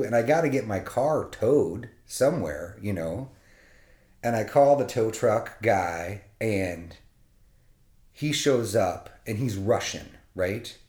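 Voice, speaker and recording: Profane, animated man telling a story. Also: on the low side. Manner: profane, animated, laughing between lines. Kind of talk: casual comedic storytelling. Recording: roomy echo.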